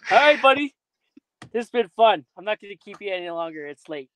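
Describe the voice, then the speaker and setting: A man hosting a casual podcast in a high, dry-sounding voice. He talks bluntly and swears freely, laughing his way through his stories. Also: animated, fairly quick, a bit bright, dry recording, rough recording. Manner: blunt, profane storytelling with laughs. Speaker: podcast host.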